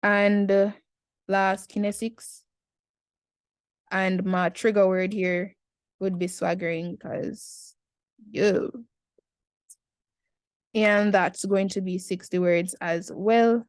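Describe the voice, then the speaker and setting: A woman's voice: medium pitch, takes it slowly, long pauses, dry recording. Jamaican woman in her 20s, laid-back tutor vibe, slangy, dry close sound. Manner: chatty, relaxed, slangy asides. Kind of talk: casual essay-writing tutorial.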